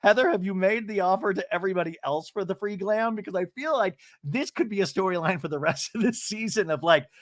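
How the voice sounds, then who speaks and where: A man's voice: high-pitched, fast talker, few pauses. A man hosting a podcast, recapping a reality TV episode in a gossipy, profane, self-mocking way. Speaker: podcast host.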